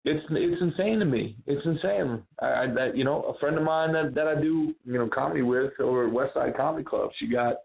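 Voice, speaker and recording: A man's voice: medium pitch, a little fast, gravelly, hardly any pauses. A man from New Jersey, a guest comedian in a casual chat, talking loosely with lots of "man" and "you know". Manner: chatty, lots of fillers like "man". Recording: tinny phone-like line.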